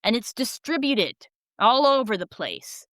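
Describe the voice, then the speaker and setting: A middle-aged woman hosting a podcast, speaking in a calm, soothing and encouraging way, often checking in with the listener. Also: a little high, a little slow, dry recording, clean studio sound. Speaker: podcast host. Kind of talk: calm podcast talk with practical tips.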